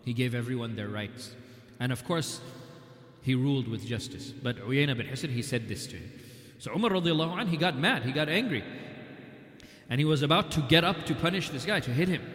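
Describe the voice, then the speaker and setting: A man's voice: medium pitch, animated, brisk, fairly bright tone. A man giving a weekly religious history lecture, retelling events through quoted dialogue and recited scripture. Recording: echoey hall with long reverb.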